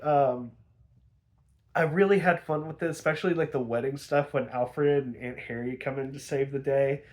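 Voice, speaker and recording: A man's voice: fairly high pitch, darkish tone. A young man giving a casual, chatty recap of a TV episode, laughing often and using many fillers. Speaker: episode reviewer.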